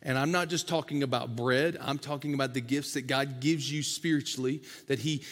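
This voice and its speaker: A man's voice: medium pitch, fairly even intonation, fairly quick, fairly bright tone, big-room sound. A man preaching a sermon as a pastor, in a conversational, folksy way with casual asides to the congregation.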